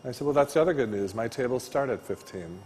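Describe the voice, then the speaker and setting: A man teaching a floral design class, telling stories with loud bursts and quiet asides. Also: medium pitch, expressive, quick pace, big-room sound, a little hiss or hum.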